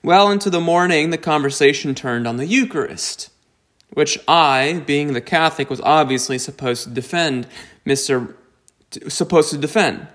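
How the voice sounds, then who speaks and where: A man preaching a sermon, slow and deliberate, with emphatic rises on key points. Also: fairly high pitch, a bit bright. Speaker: pastor.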